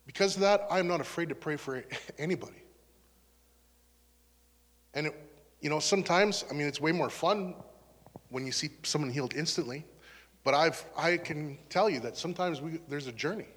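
A man's voice: fairly high pitch, moderate pace, long pauses, fairly bright tone. A man preaching in an earnest, conversational way, sharing a personal testimony as a pastor. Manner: earnest, conversational, turns emotional. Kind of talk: testimony sermon. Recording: long hall reverb.

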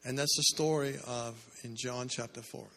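A man's voice: medium pitch, fairly even intonation, normal speed, vocal fry, bright, forceful tone. A male preacher giving a sermon, asking the congregation questions and building in bursts, heard in a church hall. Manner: asks the crowd "how many" questions, builds in bursts. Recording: echoey hall.

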